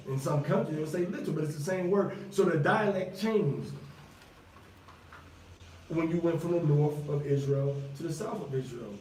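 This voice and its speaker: A man's voice: fairly high pitch, mellow, a little hiss or hum. A man, teaching from the Bible in a loose, conversational way, with lots of fillers and repeats. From New York. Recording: very echoey room, voice from far off.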